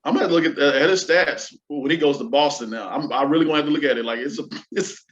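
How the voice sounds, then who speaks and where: A man co-hosting a podcast, talking in an animated, joking way. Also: on the high side, fast. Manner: animated, joking, laughs often. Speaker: podcast co-host. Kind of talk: casual chat. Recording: muffled lo-fi mic.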